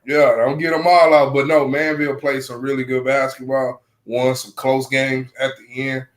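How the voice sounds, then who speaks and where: A man's voice: mid-range voice, level tone, moderate pace. A man co-hosting a casual sports chat, joking and rambling in loose banter. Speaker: podcast co-host.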